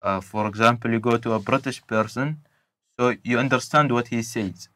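A man's voice: mid-range voice, fairly even intonation, normal speed, fairly bright tone, dry recording. Young man, hesitant non-native English. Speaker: university student, interview guest. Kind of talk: casual interview.

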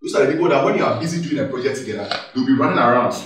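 A man giving an animated workshop talk, laughing and acting out office dialogue as he goes. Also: medium pitch, racing. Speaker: workshop speaker. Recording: echoey hall, mic far off.

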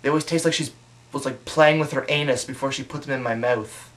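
Young male comic, deadpan storytelling, mid-pitched, mocking asides. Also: fairly quick. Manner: deadpan storytelling, mocking, with put-on voices for quotes. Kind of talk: comic monologue.

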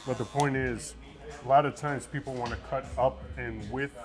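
Easygoing barber over background music. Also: male voice, mid-range voice, steady tone, moderate pace. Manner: easygoing, explaining. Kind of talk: casual chat while cutting. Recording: music and clippers behind.

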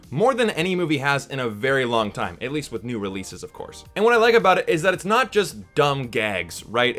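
A man's voice: medium pitch, a bit bright. A man hosting a casual movie review vlog. He talks to his viewers as "you guys" in a chatty, upbeat way and swears casually.

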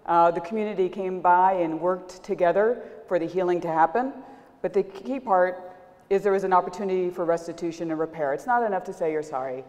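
A woman giving a public lecture, animated and speaking directly to the audience. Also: lowish voice, a little fast. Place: lecture hall. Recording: long hall reverb.

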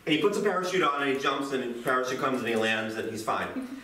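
A man teaching high schoolers in a classroom, chatty and self-deprecating, with lively jokes. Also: fast. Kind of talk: classroom lecture. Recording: roomy, distant classroom mic.

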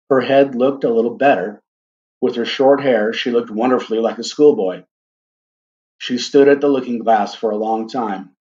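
A man reads a story aloud with a gentle, deliberate delivery. His voice sits at a middle pitch, and he turns to his listeners now and then. The recording sounds dull and lo-fi. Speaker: reader. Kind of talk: storybook reading.

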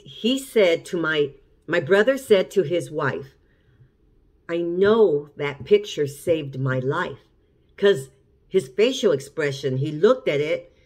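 With a lowish, darkish-toned voice, a middle-aged woman from a cooking channel casually narrates a story on camera. Her chatty delivery is full of repetitions and restarts.

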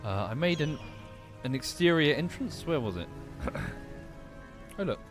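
A man's voice: on the high side, sing-song, measured pace, music in the background. A man streaming a game, talking casually and wryly, with the odd curse. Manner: chatty, wry, swears casually. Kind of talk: casual gameplay commentary.

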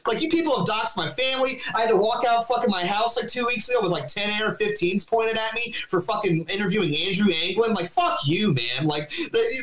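A man's voice: high-pitched, animated, a little fast, hardly any pauses, echoey room, crowd noise. A man on a stream ranting in a furious, profane, sarcastic way. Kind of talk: heated stream talk.

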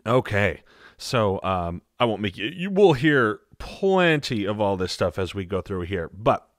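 A man's voice: lowish voice, sing-song, unhurried, dry recording, clean studio sound. A man hosting an audio tutorial in a rambling, jokey, profane way. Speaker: tutorial host, sound designer. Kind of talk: casual tutorial talk.

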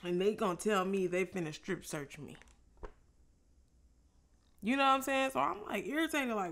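Woman, vlogger, casual story time, raspy fry, bright tense tone, animated quoted dialogue. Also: a little high, moderate pace. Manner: loose, profane storytelling with animated quoted exchanges.

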